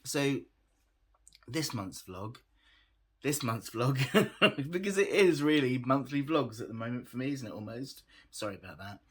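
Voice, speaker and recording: A man's voice: mid-range voice, expressive, moderate pace, slightly rough. A tired man chatting casually to his camera as a vlogger, laughing often and making fun of himself. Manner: chatty, laughs often, self-deprecating, trails off.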